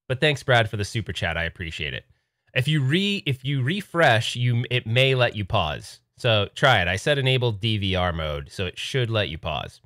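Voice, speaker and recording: Rambling, lively male livestream host. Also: on the low side, normal speed, dry recording, studio quality. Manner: rambling, laughs easily, excitable. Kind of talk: casual live chat.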